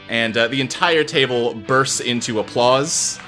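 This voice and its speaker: A man's voice: mid-range voice, measured pace, few pauses, bright, forceful tone, soft background music. A man narrating as game master in a casual way, with lots of fillers.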